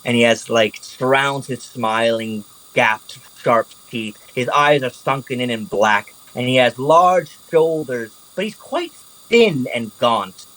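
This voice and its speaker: A man narrating a tabletop game as game master, animated and casual, swearing freely. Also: medium pitch, slow pace, poor audio.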